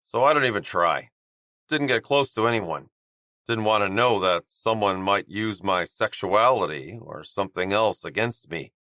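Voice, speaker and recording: A man voicing a guarded young male hockey player in an audiobook, speaking quietly and haltingly in a slightly raspy voice. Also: animated, dry recording, studio quality. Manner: quiet, low, halting confession. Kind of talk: audiobook character voice.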